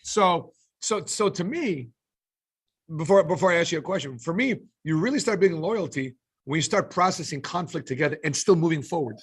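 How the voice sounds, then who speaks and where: A man hosting a podcast, asking probing questions in a relaxed, conversational way. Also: on the high side, a little fast, slightly rough. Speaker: podcast host. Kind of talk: casual podcast interview.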